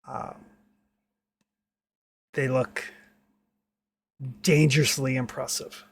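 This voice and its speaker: A man runs a tabletop game as game master, narrating in a loose, rambling way. He fills his sentences with words like "kinda" and "like." His voice sits at a middle pitch. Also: little pitch movement, very slow, creaky, breathy edge. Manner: rambling, many fillers like "kinda" and "like".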